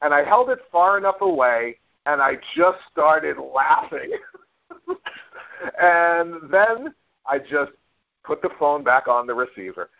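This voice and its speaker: A man's voice: a little high, expressive, a little slow, creaky. Rambling man telling stories, muffled audio. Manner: rambling anecdotes with many fillers and restarts. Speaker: guest, network marketer. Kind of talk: casual storytelling interview. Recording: dull lo-fi audio.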